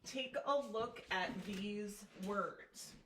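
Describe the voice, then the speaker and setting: Slow, patient woman teaching phonics. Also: medium pitch. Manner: patient, clear instructional prompting. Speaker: reading teacher. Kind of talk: one-on-one phonics lesson. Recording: roomy, distant mic with faint noise.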